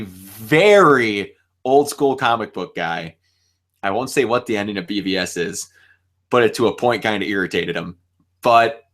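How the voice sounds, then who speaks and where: A young man hosting a casual fan chat, animated and laughing often, acting out lines as he talks. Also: mid-range voice. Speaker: show host.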